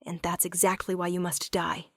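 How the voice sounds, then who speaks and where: A woman's voice: on the low side, little pitch movement, normal speed, vocal fry, fairly bright tone, dry recording, clean studio sound. A woman voicing a scheming, fanatical older uncle of a wolf king, cold and bitter in storybook narration. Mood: accusing.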